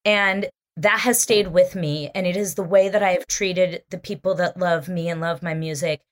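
A woman musician, a guest on an interview show, telling a story in an animated, expressive way. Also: fairly low pitch, normal speed.

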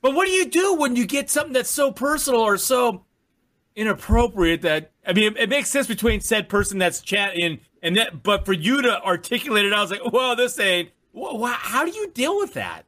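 A man's voice: sits high, sing-song, fairly quick, a bit bright. A man co-hosting a casual interview, who speaks without a filter. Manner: blurts things out, no filter.

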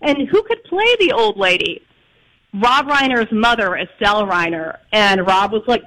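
A man from Chicago, a guest author in an interview, telling lively anecdotes with plenty of fillers. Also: high-pitched, a little slow, rough recording. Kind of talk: storytelling interview.

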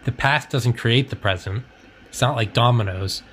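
A man's voice: mid-range voice, moderate pace, fairly bright tone, slight background noise. A young man hosting a podcast in casual chat, rambling and swearing, laughing often. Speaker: podcast host.

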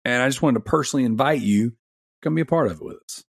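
A man's voice: mid-range voice, racing, vocal fry, dry recording, clean studio sound. A man in his thirties hosting a casual gaming podcast, chatty and rambling, laughing often. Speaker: podcast host.

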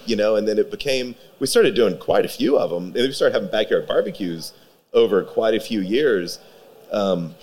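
A man's voice: on the low side, animated, normal speed, a little mellow. A man, a pitmaster guest, chatting casually in an interview with a rambling, filler-heavy delivery. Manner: rambling, many fillers and restarts.

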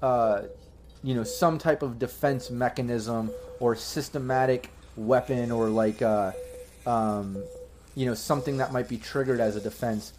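A man runs a tabletop game as game master, describing what the players hear and see. He talks in a loose, rambling way, often restarting sentences and filling gaps with "um" and "like." His voice sits at an ordinary middle pitch, with a faint noisy hiss behind it. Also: steady tone, a little slow, darkish tone. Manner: rambling, full of fillers and restarts.

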